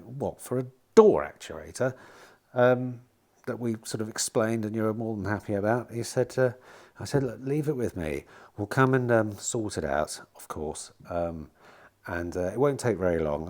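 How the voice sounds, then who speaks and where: Chatty car dealer, low voice. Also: male voice, normal speed, darkish tone. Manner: chatty, rambling, swears casually. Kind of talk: casual vlog chat to camera. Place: outdoors in bright sun at a car lot.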